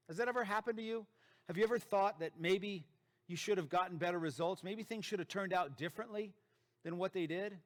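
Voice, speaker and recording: A man's voice: high-pitched, a little fast. A man with a slightly raised voice delivering a motivational presentation. He speaks emphatically and leans on repetition to drive his points home. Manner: emphatic, repeats key phrases for effect. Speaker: dentist and practice founder giving a talk.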